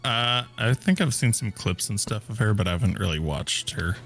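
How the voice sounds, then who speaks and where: A man with a low, lively voice gives quiet, low-key replies in a casual talk stream. He sits a little away from the mic, and faint music plays behind him. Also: moderate pace, gravelly. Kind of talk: casual chat.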